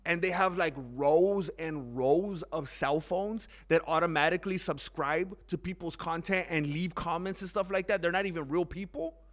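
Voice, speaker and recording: A young man giving a rambling casual monologue on fight news, animated and mocking. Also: moderate pace, few pauses. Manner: rambling, animated, mocks others in high exaggerated voices. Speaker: MMA commentary YouTuber.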